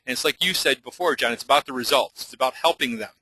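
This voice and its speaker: A man hosting a sales webinar, briskly relaying audience questions to his guest. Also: mid-range voice, bright, forceful tone, breathy edge, no room sound, rough recording. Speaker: webinar host. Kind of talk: moderating a webinar.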